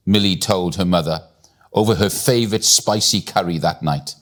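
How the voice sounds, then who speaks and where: A man reading a bedtime story aloud in an expressive, deliberate storytelling manner. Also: low voice.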